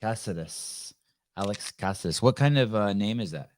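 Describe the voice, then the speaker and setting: A man's voice: on the low side, animated, brisk, slight background noise. A man hosting a live podcast over a video call, talking bluntly and joking with a lot of profanity. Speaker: podcast host.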